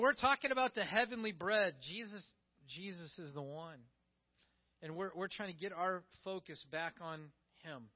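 High-voiced man preaching, muffled sound. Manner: conversational, acts out quotes. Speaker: pastor. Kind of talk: sermon. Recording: dull, muffled recording.

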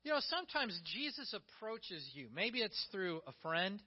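Brief: pastor, animated conversational sermon, very high voice for a man, dull sound. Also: moderate pace. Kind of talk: sermon with Bible reading.

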